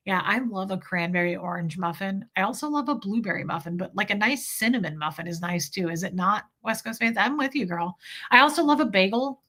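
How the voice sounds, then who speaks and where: A woman's voice: medium pitch, lively intonation, fairly quick, a bit bright. A woman hosting a casual livestream, chatting candidly and reacting to viewer comments and super chats.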